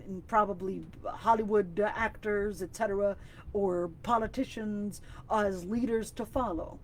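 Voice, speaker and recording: A woman teaching an online Quran exegesis class over a video call, with a faint hiss underneath. She speaks at a middle pitch and explains each word carefully. She lifts her voice to recite the Arabic verses quickly and with emphasis. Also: a little mellow.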